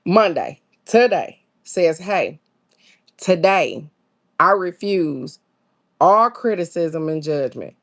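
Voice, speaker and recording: A woman's voice: expressive, slow pace. A woman, hosting a casual spiritual chat, reading affirmations and greeting viewers, laid-back and musing. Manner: chatty, greets viewers by name, reads affirmations aloud; laid-back, musing, with sudden high exclamations. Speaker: host of a daily card-reading stream.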